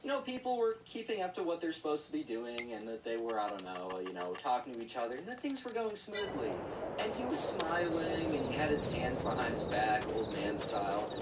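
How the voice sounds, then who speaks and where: A man telling a story while he streams a game, casual and full of slang. His pitch rises and falls a lot. He sits away from the mic, with loud engine noise underneath. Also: distant mic. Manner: animated, slangy.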